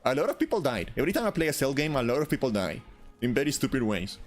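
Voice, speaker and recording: A man's voice: mid-range voice, big pitch swings, quick pace, soft background music. A young man streaming a video game in goofy, rambling casual commentary, often stammering and repeating himself. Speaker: gaming streamer. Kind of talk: casual let's-play commentary.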